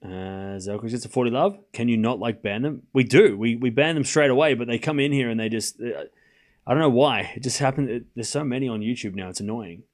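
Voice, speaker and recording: A man's voice: medium pitch, a little fast. A young man casually commentating a tennis match on a live stream, chatting with his viewers, cracking jokes and drifting off on tangents between points.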